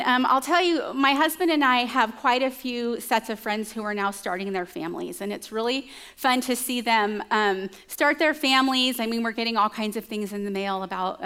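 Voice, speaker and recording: A woman's voice: fairly high pitch, fairly bright tone. A woman preacher giving a conversational sermon, telling stories with chatty asides to her listeners.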